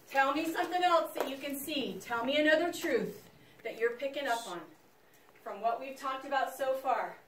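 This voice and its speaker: A woman teacher lecturing her class in an animated, chatty way, speaking straight to the students. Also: high voice, moderate pace, slight background noise. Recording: echoey classroom, mic far off.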